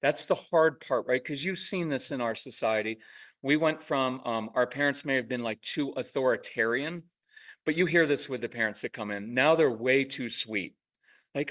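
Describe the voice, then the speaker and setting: A man talking casually in an interview, telling lively parenting stories and acting out parents and kids in quick asides. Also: medium pitch, far from the mic. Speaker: parenting podcast host and guest expert. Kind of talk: conversational interview.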